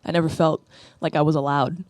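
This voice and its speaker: A woman's voice: low-pitched, little pitch movement, fairly quick, darkish tone, dry recording. A woman, doing a rambling, self-deprecating stand-up routine into a stage mic. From the Bronx, New York. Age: 30s. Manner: rambling, self-deprecating, asks "right?" often. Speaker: stand-up comedian. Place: comedy club stage.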